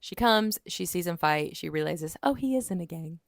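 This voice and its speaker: A woman chatting casually as she reviews a book, retelling it in an animated way with lots of "like". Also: on the low side, moderate pace, vocal fry, no room sound, clean studio sound.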